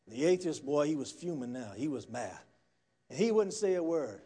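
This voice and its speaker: A male preacher, delivering a church sermon as a folksy storyteller who swings from quiet murmurs to loud, fired-up preaching. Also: fairly high pitch, sing-song, normal speed, breathy edge. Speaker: guest pastor. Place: church sanctuary.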